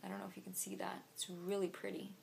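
A woman's voice: medium pitch, monotone, fast, creaky, a little mellow, a little hiss or hum. A young woman chatting casually through a shopping haul, talking to camera with lots of "like" and "um". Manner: chatty, filler-heavy. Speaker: vlogger.

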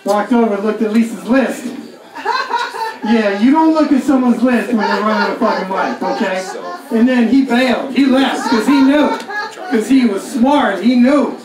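A man's voice: very high-pitched, normal speed, crowd noise. A man in his forties doing a live stand-up set, talking in a profane, self-mocking, rambling way. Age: 40s. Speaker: stand-up comedian. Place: comedy club stage. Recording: echoey club heard from far off, audience. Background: audience laughter.

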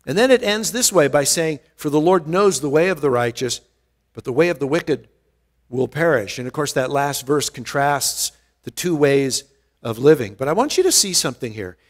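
A male pastor giving an earnest verse-by-verse Bible teaching, rising in pitch and volume to stress a point and often restarting his words. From United States. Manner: rises in pitch and volume for emphasis.

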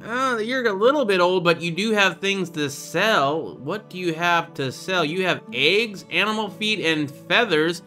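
His voice sits high with a sharp edge. He's a young gaming channel host giving laid-back let's-play commentary, kidding around and voicing the game's dialogue as he plays.

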